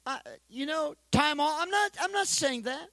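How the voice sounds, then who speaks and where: A male pastor preaching an energetic sermon, calling for responses from the congregation and joking in between. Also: very high voice, normal speed, no room sound, rough recording. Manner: joking asides.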